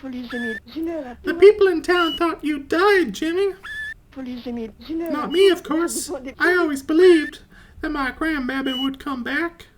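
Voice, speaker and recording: A woman puts on a doting old granny with a put-on Southern drawl, her voice pitched high and sing-song as she fusses over her grandson. Game sounds and chatter sit behind the voice. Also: slow pace, pauses often, rough recording. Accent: put-on American Southern. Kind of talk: reading game dialogue aloud.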